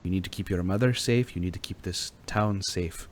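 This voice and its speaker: A man's voice: deep voice, moderate pace, lightly acted. A man voicing a stern, protective man who speaks stiffly and formally, without contractions.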